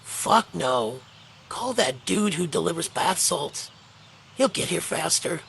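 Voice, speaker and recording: Crude blunt man, played by a woman: gravelly, rough, lively swoops. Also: fairly low pitch, slow pace, full character voice. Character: crude, unbothered man passerby.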